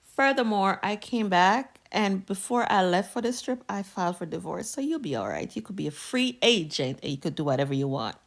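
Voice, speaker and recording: A woman's voice: mid-range voice, expressive, gravelly. A woman from the United States, telling a personal story to camera in a sassy, emphatic way. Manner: sassy, emphatic, drawn-out retorts.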